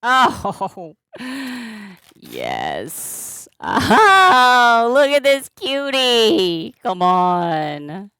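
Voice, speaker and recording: A woman chats casually on a live stream while twisting balloons, greeting and thanking viewers by name and rambling with fillers and restarts. Her fairly high voice swoops wildly in pitch, and she speaks extremely slowly with a sharp, clear, resonant tone. The studio-quality recording has no echo.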